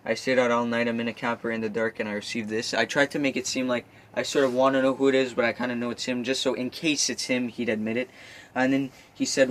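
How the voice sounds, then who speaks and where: A man's voice: medium pitch, level tone, fast, poor audio. A young man from Quebec vlogging from a camper at night, telling a story nervously with lots of fillers and restarts. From Quebec, Canada. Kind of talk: casual vlog storytelling. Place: outdoors.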